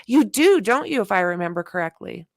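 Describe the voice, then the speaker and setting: A woman's voice: medium pitch, a little fast, dry recording, studio quality. A middle-aged woman hosting a casual livestream chat, telling stories with lots of exclamations. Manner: animated storyteller, exclaims often. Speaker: host.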